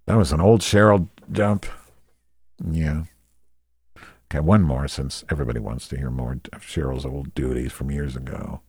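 A man's voice: extremely low pitch, normal speed, darkish tone, breathy edge, no echo. A man telling a rambling comic story, crude and sarcastic, often going off on tangents.

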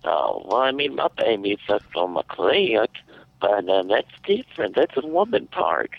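A man co-hosting a comedy show, asking absurd questions in a deadpan way. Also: on the low side, measured pace, vocal fry, no room sound. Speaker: co-host. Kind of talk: casual comedy chat. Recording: dull dry lo-fi audio.

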